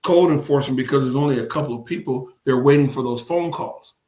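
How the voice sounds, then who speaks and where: A city council candidate who is also a commissioner talks emphatically in a casual interview, his medium-pitched, dark-toned voice moving at a quick pace. He repeats words for stress and laughs often, in an echoey room.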